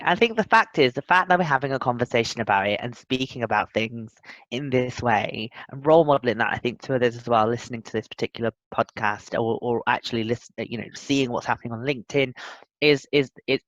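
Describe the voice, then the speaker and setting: A man's voice: medium pitch, brisk, fairly bright tone, dry recording. A man as a podcast guest, talking earnestly and thoughtfully in casual interview chat, often restarting his sentences. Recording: dull, lo-fi, dry sound.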